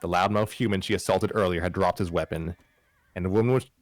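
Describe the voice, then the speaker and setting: Low voice dude reading fanfic on stream, trips over words, dry close sound. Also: male voice, fast, no room sound. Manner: reads with frequent stumbles, restarts and wry asides. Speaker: host reading a fan story. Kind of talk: live-stream story reading.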